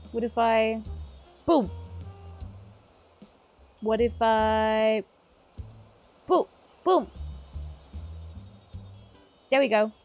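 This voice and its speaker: Female streamer, playful and chatty, unhurried delivery, light swearing. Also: fairly high pitch, dull audio. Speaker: live streamer. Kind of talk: casual live-stream chat while gaming.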